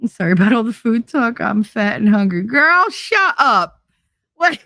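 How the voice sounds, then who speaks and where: Reading chat on her casual livestream, a middle-aged host speaks briskly at a medium pitch, spinning energetic stories full of cursing and frequent laughter. The audio is studio quality and echo-free.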